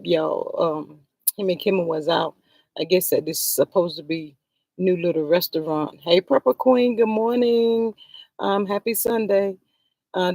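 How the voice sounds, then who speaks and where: A woman talks straight at the people she is criticizing, scolding and exasperated, and sighs to the Lord between points. Her voice sits at an ordinary middle pitch. The sound is dry and close, with no room echo. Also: gravelly, darkish tone. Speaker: vlogger commenting on a reality show. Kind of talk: heated livestream commentary.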